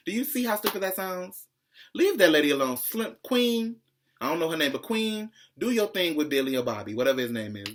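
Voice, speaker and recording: A man hosting a pop-culture commentary vlog, talking in a sassy, profane, opinionated way and jumping higher in pitch when excited. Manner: profane, sassy, calls viewers "child"; opinionated ranting, swings high when excited. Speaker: vlog host.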